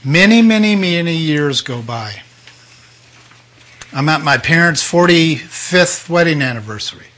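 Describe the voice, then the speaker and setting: An older man preaching a personal testimony, telling his story with emotion and sudden swings between loud outbursts and hushed moments. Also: fairly high pitch, expressive, a little slow. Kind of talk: sermon testimony.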